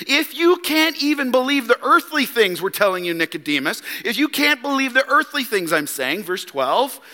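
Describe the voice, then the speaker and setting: Emphatic, bright-voiced man preaching a sermon. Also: high voice, long reverb tail. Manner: emphatic, rhetorical questions, voices Jesus and Nicodemus in quotes. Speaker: pastor. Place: church sanctuary.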